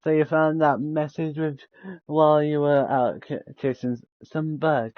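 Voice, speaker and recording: A man's voice: on the high side, level tone, measured pace, pauses often, dry recording, dull audio. A man streaming a game, reading its dialogue aloud, stumbling over words, restarting lines and laughing between them.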